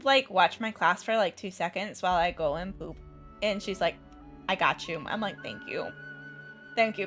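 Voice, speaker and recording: A woman's voice: medium pitch, pushed and bright. A young woman chatting casually on a livestream, telling a rambling story with many restarts and bursts of laughter. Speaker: art streamer and teacher.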